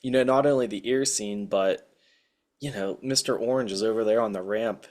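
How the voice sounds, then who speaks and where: A man who is a guest on a podcast, chatting in a relaxed, blunt way and swearing casually. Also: lowish voice, normal speed. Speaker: guest writer. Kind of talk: casual chat.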